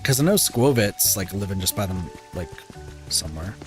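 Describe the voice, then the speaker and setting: A man's voice: low-pitched, lively intonation, moderate pace, soft background music. A man streaming a life-simulation game, chatting casually and rambling with lots of filler words and self-corrections, sounding a bit sleepy. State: sleepy, yawning. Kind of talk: casual gameplay stream commentary.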